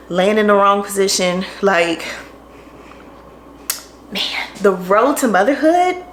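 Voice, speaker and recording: A young woman vlogging from her kitchen chats casually to her tripod-mounted camera in a medium-pitched voice, tired, breathless, and laughing often. Her audio has a roomy kitchen echo and a noisy background.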